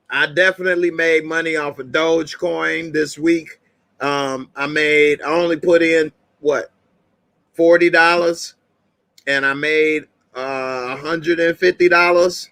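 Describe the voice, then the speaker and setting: A man's voice: on the high side, fairly bright tone, no room sound. A middle-aged man hosting a casual live-stream commentary show, chatty and laid-back, often laughing and talking straight to his viewers. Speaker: show host.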